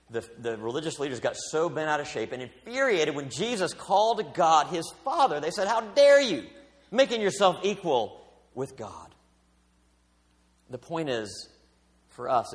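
A middle-aged male pastor delivering a sermon, with expressive preaching and big swings in pitch and volume. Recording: long hall reverb.

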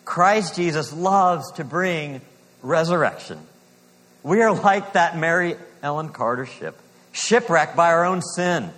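Male preacher with a slightly high voice in a reverberant hall. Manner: earnest preaching, slows for emphasis, drops to a hush on key lines. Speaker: pastor. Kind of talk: sermon.

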